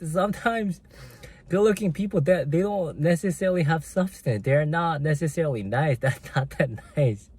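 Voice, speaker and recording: Male livestream host, casual and chatty, eats as he talks, reads comments aloud, laughs often; slightly higher-pitched voice. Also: moderate pace, a little mellow, husky. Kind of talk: casual livestream chat while eating.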